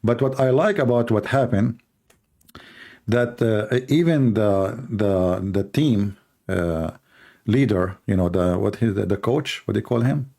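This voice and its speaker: A man with a gravelly, dark-toned voice riffs through a live-stream monologue. He jokes and teases as he talks, stumbling over his grammar and restarting his sentences. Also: fairly low pitch. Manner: animated, joking, teasing, with halting non-native grammar. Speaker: live-stream show host.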